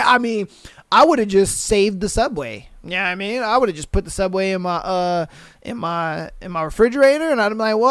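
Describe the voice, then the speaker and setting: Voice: medium pitch, no room sound. A podcast host chatting casually on a solo show, cursing freely, laughing often and reacting to listener posts.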